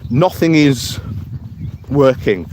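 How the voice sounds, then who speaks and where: Slow-paced and animated, this man's mid-range voice has a darkish tone, with slight background noise behind it. He's out on a morning walk in the countryside, giving casual political commentary on a live stream, chuckling often and reading viewer comments in a chatty way.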